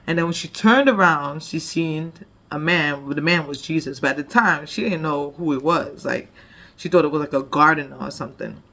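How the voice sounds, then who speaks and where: A woman's voice: low voice, moderate pace, sharp tone. A woman leading a devotion, retelling a Bible story conversationally with frequent "like" and "you know". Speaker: devotion leader.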